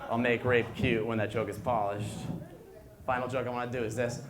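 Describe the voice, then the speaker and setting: A man in his twenties doing an animated stand-up set in a bar, jumping into loud high voices for the people he quotes. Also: a little fast, over a noisy crowd. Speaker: stand-up comedian. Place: bar and grill comedy night. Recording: echoey room, stage mic. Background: audience laughter.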